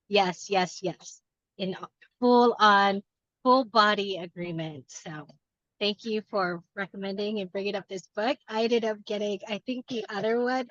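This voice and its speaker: A woman's voice: mid-range voice, fairly bright tone, no room sound, highs cut off. A woman in a book club earnestly sharing her personal reflections, rambling a little with restarts.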